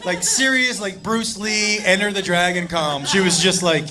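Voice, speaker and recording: A man doing stand-up comedy on a club stage, telling a wild story loudly and laughing through his punchlines. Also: high voice, normal speed, over music. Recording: live club set with audience laughter. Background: crowd laughter and room noise.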